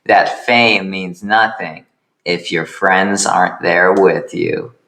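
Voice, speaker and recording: Man voicing a stiff creature pal, earnest, pleading, apologetic, slow drawn-out delivery. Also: sits low, fairly even intonation, sharp tone, exaggerated voice. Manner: earnest, keeps repeating the friend's name. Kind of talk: improvised comedic character voice.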